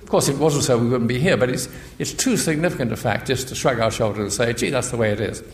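An older man, a physicist and priest, giving a measured public lecture that explains things step by step. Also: medium pitch. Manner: measured, explanatory, with frequent restarts. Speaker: guest speaker, physicist and priest. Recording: echoey lecture hall.

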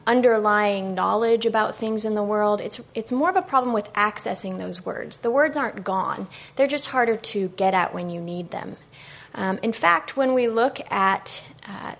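A woman's voice: mid-range voice, vocal fry. A woman speech-language pathologist giving a public talk, explaining in a conversational way with many ums. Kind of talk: public lecture.

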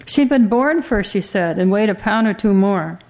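A woman reading a literary story aloud as an audiobook narrator, in a measured, quietly dramatic way. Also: mid-range voice, animated.

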